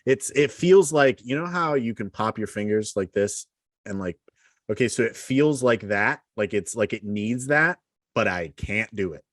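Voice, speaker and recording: Very deep-voiced man in casual chat. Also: expressive, normal speed, no echo, clean studio sound. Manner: profane, joking. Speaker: podcast co-host.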